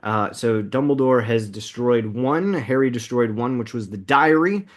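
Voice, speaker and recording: Upbeat male movie podcast host. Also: medium pitch. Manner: upbeat, laughs often, quick recaps. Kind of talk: casual movie podcast chat.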